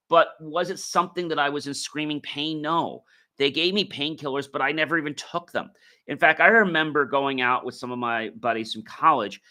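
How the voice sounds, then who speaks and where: Bright-voiced man telling a rambling story. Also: medium pitch. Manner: rambling, many fillers and restarts. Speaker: podcast host. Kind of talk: casual storytelling monologue.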